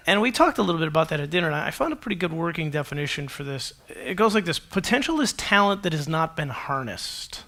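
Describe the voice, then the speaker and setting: A male pastor delivers a sermon in a high, bright voice. He talks to the congregation in a loose, conversational way and is quick to joke at his own expense. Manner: conversational and animated, with self-deprecating humor.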